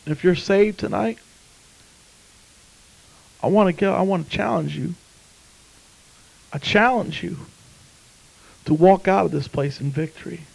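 A man's voice: high voice, a little slow, gravelly, long pauses, poor audio. A man preaching a sermon, telling a story and then fervently urging listeners to come to faith. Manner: storytelling, then fervent pleading altar call.

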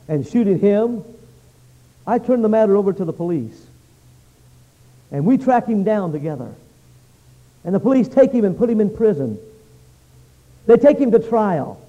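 High-voiced, dramatic preacher man. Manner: dramatic, emphatic, swings between loud and hushed. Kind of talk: revival sermon with prayer and storytelling. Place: church meeting hall. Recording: dull lo-fi sermon recording.

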